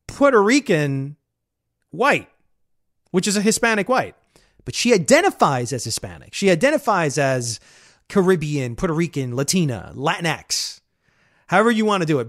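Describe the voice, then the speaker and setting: A man hosting a podcast discussion, explaining and recounting in a casual way. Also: sits high. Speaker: podcast host and interviewer.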